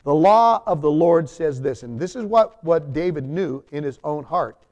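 A man's voice: on the high side, animated, normal speed, darkish tone, muffled recording. Emphatic man preaching a sermon. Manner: reads scripture aloud, then explains it in plain talk. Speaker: pastor.

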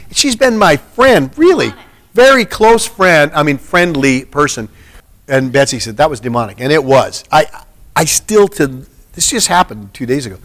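A man's voice: a little high, lively intonation, normal speed, fairly bright tone. Earnest man preaching casually. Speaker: pastor. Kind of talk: informal sermon and chat.

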